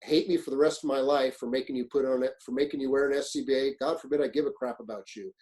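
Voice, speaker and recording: A man's voice: medium pitch, fast, low-quality recording. A middle-aged man giving a webinar on fire service leadership, telling stories in a blunt, profane way and acting out what people said. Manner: animated storyteller, acts out quotes, blunt and profane. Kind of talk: webinar presentation, storytelling. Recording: webinar, own presentation.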